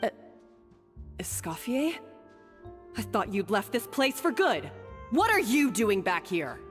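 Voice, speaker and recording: An actress playing a defiant young head chef in a video game, prickly and defensive. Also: female voice, mid-range voice, big pitch swings, slow, in a large hall, faint music behind.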